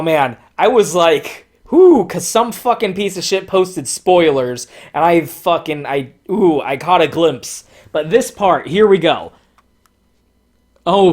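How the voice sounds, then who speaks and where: A foul-mouthed man delivers a sarcastic comic commentary with deliberate slowness. His voice lurches between excited peaks and mocking, lowered asides. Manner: sarcastic, profanity-laden ranting; swings between excited highs and mocking lows. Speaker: comic book reviewer. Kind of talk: profane commentary reading comic panels.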